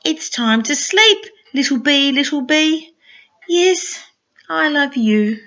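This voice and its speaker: Older grandmother reading to a small child; gentle, sing-song, unhurried, higher voice. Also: animated, dull audio. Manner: gentle, sing-song storytelling with soft asides. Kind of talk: reading a picture book aloud to a small child.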